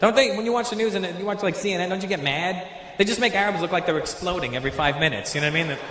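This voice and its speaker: A man doing stand-up, working the crowd loudly with a punchy, teasing delivery. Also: sits high, rapid-fire. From Canada. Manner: loud, teasing, punchy delivery with comic voices. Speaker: stand-up comedian. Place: large theater stage. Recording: echoey live venue with loud crowd noise.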